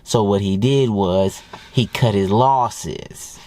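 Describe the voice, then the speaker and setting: A man's voice: lowish voice, slow, dark tone, no room sound. A man giving dating advice in a blunt, profane, mocking rant. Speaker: dating coach. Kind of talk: ranting advice monologue.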